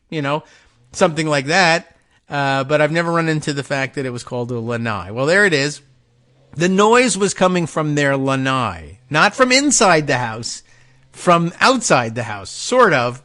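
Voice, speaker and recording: A man's voice: on the high side, a bit bright. A man hosting a talk show, thinking aloud in a casual, rambling monologue, wry and self-mocking as he wanders off topic. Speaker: radio show host.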